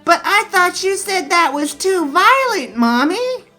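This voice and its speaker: Comedian doing a high meek teenage boy. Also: very animated, measured pace, pushed and bright, faint music behind, exaggerated voice. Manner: meek, whiny. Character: meek teenage son, seventeen, sleepy and timid. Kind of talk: comedy sketch.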